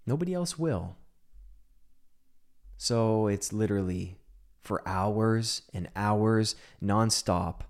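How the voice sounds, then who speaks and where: A man telling a personal story into a microphone, shifting between hushed whispers and emphatic outbursts. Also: on the low side, slow, pauses often. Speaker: speaker on mental health.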